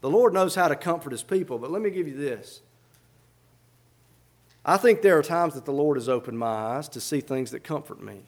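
High-voiced fervent male preacher. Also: animated, normal speed. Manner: fervent, reads scripture in old-fashioned diction then explains it plainly. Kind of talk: sermon.

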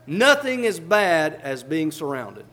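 A man with a notably high, sharp voice preaches a fervent sermon at a slow pace, his pitch swinging widely. He reads scripture in old-fashioned wording, then explains it to the congregation in plain everyday terms.

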